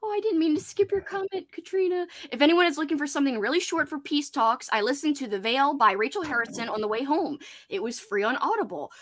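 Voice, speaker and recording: A woman's voice: high-pitched, lively intonation, fast talker, hardly any pauses. A woman hosting a casual livestream hangout, chatty and giggly, reading out viewers' comments. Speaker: host. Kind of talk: casual livestream chat with guests.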